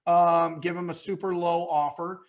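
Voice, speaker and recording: A man coaching real estate investors in a webinar Q&A, energetic and motivational, often repeating phrases for emphasis. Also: high voice, moderate pace. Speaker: real estate wholesaling mentor, webinar guest.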